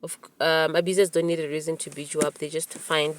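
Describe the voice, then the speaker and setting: A woman in her forties hosting a podcast, telling a personal story in an animated way, with many restarts. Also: deep voice, brisk, loud music behind the voice. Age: 40s. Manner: animated retelling with quoted dialogue, frequent restarts. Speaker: podcast host. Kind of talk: storytelling monologue.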